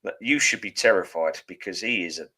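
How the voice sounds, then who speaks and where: A man's voice: deep voice, brisk, pushed and bright, husky. A man co-hosting a podcast, telling rambling anecdotes full of ums and uhs. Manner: rambling anecdotes with many fillers. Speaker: podcast co-host. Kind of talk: casual chat. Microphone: podcast microphone.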